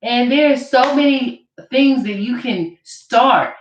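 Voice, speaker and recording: A woman's voice: a little high, slow, slight background noise. A woman vlogger ranting to camera in an accusatory, mocking way, repeating her points. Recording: roomy, distant, dull camera audio.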